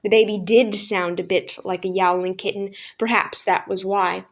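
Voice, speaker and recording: A woman narrating a children's book aloud as a storyteller, calm and even. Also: medium pitch, normal speed.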